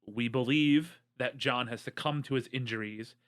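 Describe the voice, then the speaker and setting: A man co-hosting a podcast, telling a movie's plot step by step in a mid-range voice. He pauses often with "um" and slips in deadpan jokes along the way. His delivery stays loose and conversational. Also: medium pitch. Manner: joking, wry storyteller, many "um"s. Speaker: podcast co-host. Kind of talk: casual movie recap chat.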